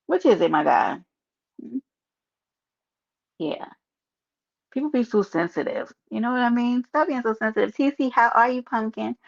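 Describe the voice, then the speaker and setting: A woman's voice: on the high side, expressive, normal speed, gravelly, long pauses. A woman with a New York accent hosting a casual livestream, chatting sassily and reading her chat aloud. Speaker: livestream host. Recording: dull lo-fi stream audio.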